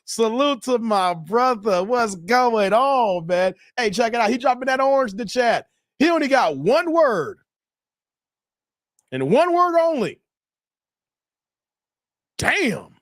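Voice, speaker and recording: A high-pitched man hosting a live stream, his voice jumping all over as he laughs and jokes with his chat. The sound is close and dry, with no room around it. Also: slow pace, long pauses, dry recording. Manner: laughing, animated banter with chat.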